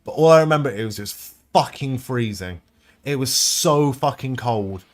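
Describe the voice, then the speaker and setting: A man's voice: mid-range voice, expressive, moderate pace. A man hosting a live stream, chatting casually with viewers, rambling and swearing freely. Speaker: livestream host reading chat.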